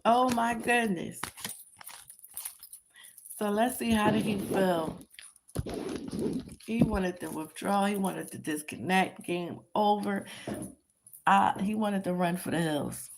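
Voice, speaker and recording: A woman with a gravelly, creaky voice talks through a tarot reading in a casual, chatty way. She repeats her points for emphasis and now and then laughs at her own remarks. Her pitch sits in a middle range for a woman. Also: takes it slowly, long pauses, noisy background. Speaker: tarot reader.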